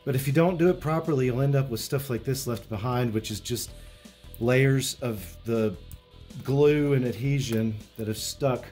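A man hosting a hands-on repair walkthrough, explaining each step in a relaxed way with frequent fillers and restarts. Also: medium pitch, moderate pace, faint music behind. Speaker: retro electronics repair host.

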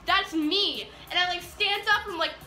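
A teenage girl excitedly retelling a story in a vlog, acting out the dialogue as she goes. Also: very high voice, fast. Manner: bubbly, animated retelling with quoted dialogue. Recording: echoey room with faint music.

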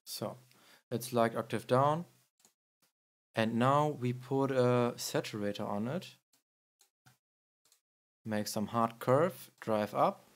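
A man hosting a music production tutorial, explaining in a halting way with many fillers. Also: medium pitch.

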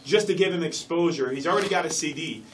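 An upbeat man talks up his fight events in a radio studio, excited and jokey. His voice sits a bit high. He is slightly off the mic, with a faint hum behind him. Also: recorded from a distance. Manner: excited, fast-talking, jokey. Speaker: MMA fight promoter, guest. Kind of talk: casual radio interview.

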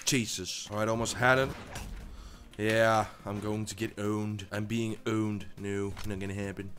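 A man commentating his own gameplay for his channel, jumping between loud outbursts and low muttering, often repeating himself. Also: flat delivery, measured pace. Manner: swears, stammers and repeats himself. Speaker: gaming YouTuber.

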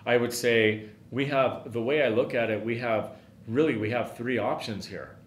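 A man's voice: mid-range voice, a little fast. A middle-aged man hosting a podcast, telling a long story in an earnest, emphatic way and often repeating himself. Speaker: podcast host, company owner. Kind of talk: storytelling monologue. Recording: roomy with faint background hiss.

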